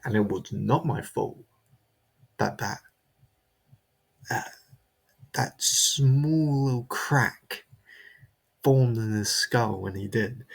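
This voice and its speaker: A man's voice: lowish voice, steady tone, slow, vocal fry, long pauses. A man delivering a comedic character monologue, rambling and stammering, repeating himself as he justifies himself.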